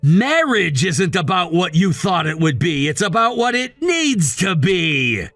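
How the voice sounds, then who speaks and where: A man's voice: sits high, very animated, unhurried, a bit bright, dry recording, soft background music, full character voice. A synthetic man's voice reading a cold, demanding husband with curt, dismissive lines. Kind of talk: text-to-speech story reading.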